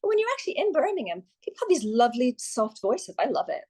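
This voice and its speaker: A woman's voice: fairly high pitch, sing-song, quick pace, a little mellow. A woman with an Irish accent, a success coach talking enthusiastically as a podcast guest, with many fillers and restarts. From Ireland. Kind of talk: podcast interview.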